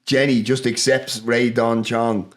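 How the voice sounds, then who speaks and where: A man's voice: medium pitch, flat delivery, measured pace, over a noisy crowd. Dublin guy on a film podcast, a bit hesitant, lots of yeah yeahs. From Ireland. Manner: hesitant, lots of agreeing fillers. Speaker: podcast co-host. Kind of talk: casual film chat.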